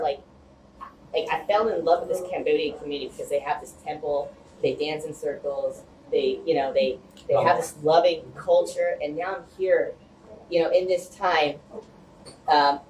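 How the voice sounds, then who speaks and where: A man from the Los Angeles area giving an animated, rambling storytelling speech to a community group. He restarts phrases often and leans on "like" and "you know.". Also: fairly high pitch. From Los Angeles area, United States. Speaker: speaker addressing a community group. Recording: echoey room, mic far off, faint hum.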